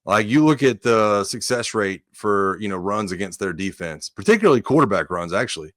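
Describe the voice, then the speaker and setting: Recorded dry and clean in a studio, this fairly low, brisk male voice belongs to a former college offensive lineman. On a casual sports podcast he tells stories animatedly, acting out what people said and peppering in "dude" often.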